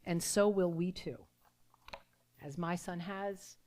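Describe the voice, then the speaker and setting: A middle-aged woman pastor delivering a sermon, telling a personal story with emotion and soft, hushed passages. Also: lowish voice, takes it slowly.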